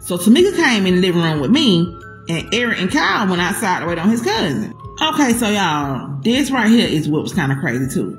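Animated, profane woman telling a story. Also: medium pitch, a little fast. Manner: profane, animated, talks to viewers as "y'all". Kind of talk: casual storytime. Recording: echoey room with faint music.

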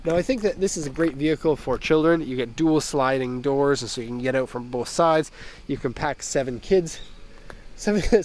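A young man, a little hoarse from being sick, giving a casual walkaround review from inside a minivan, chatting with jokey tangents into a handheld camera. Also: on the high side, darkish tone, slight background noise. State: slightly hoarse from a recent illness. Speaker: car import dealer and reviewer.

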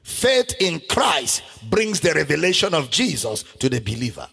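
A man preaching a sermon as pastor, shouting and half-singing scripture verses with great passion. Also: on the high side, sing-song, moderate pace, gravelly, slightly rough. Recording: long hall reverb with faint music.

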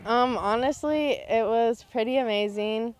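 A teenage girl who pitches for her high school softball team, talking excitedly in a post-game interview and filling her answers with "like" and "honestly". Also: measured pace, slight background noise. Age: teens.

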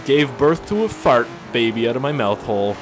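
Brisk and animated, a man with a mid-range voice delivers casual gameplay commentary on a racing game, crude, joking and wandering. Car engines and game music play behind him.

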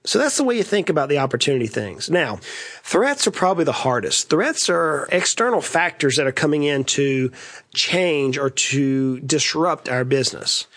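A folksy middle-aged man with a drawl walks listeners through business planning in a relaxed podcast style. His voice sits a touch high for a man, and he drops in joking asides as he teaches. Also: normal speed. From East Tennessee. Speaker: podcast host and financial advisor. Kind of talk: conversational business lesson.

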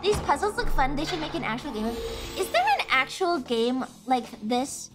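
A young woman streamer chats casually in a high voice that jumps around lively in pitch. She giggles often and swears freely in an animated, loose way. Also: moderate pace, loud music behind the voice.

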